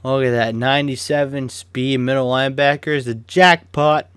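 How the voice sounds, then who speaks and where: A man's voice: medium pitch, steady tone, normal speed, fairly bright tone, smooth, dry recording. Chatty young man commenting on gameplay. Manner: chatty, swears freely, flares up in sudden rants. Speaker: gaming YouTuber.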